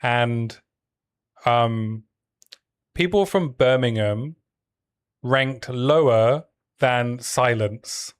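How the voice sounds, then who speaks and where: A man's voice: mid-range voice, extremely slow, pauses often, clean tone. Chatty man streaming a game. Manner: joking, chatty, trailing off with fillers. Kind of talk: casual gameplay chat.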